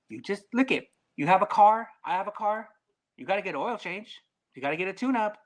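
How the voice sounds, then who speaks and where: On a podcast, a male guest chats casually, speaking bluntly with plenty of swearing and lively swings in his delivery. His voice sits high and his pace is brisk.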